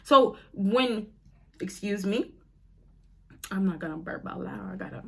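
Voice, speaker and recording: A woman's voice: mid-range voice, lively intonation, a little slow, gravelly, breathy edge. A woman, chatty and direct, coaching men on dating in a casual vlog. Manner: chatty, direct, addresses viewers as y'all and fellas. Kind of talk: casual advice vlog to camera.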